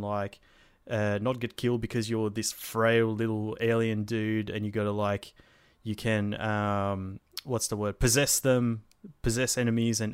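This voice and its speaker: Laid-back low-voiced man, rambling. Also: clean tone, dry recording. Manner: rambling with many fillers and restarts, swears casually. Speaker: podcast co-host. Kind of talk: casual chat about video games.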